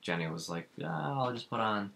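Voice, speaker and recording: A man with a low, deep voice and a bright, forceful edge, chatting casually about films. He rants in an animated way and acts out his own reactions as he goes. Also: moderate pace, creaky, slight background noise. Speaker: podcast co-host. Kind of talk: casual chat.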